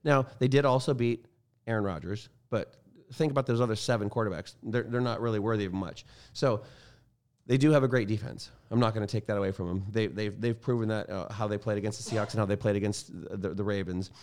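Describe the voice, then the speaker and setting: Fast-talking excitable man on sports chat. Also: on the low side. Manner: excitable, rambling, frequent self-corrections. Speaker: sports podcast co-host.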